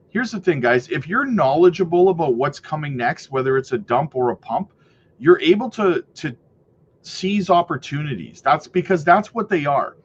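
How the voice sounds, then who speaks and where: A man hosting a casual livestream, reading viewer comments aloud in an upbeat, hyped way, full of "you know" and "right". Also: a little high. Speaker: crypto livestream host. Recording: slightly muffled with faint noise.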